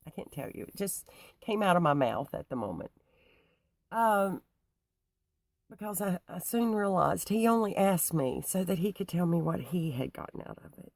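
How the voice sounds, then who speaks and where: A woman telling a personal story to her viewers, halting with many restarts and fillers. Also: fairly low pitch, big pitch swings, gravelly, a little mellow, dry recording. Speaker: YouTuber.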